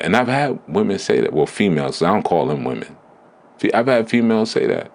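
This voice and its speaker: Deep-voiced man preaching bluntly. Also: sing-song. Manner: blunt, emphatic, deliberate. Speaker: spiritual teacher. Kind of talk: preaching lecture.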